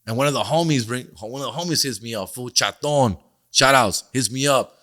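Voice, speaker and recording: A man's voice: mid-range voice, fairly quick, sharp tone. A middle-aged man hosting a podcast, telling stories in a casual, profane, slangy way and mixing in Spanish phrases. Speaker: podcast host and comedian. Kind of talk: casual storytelling monologue.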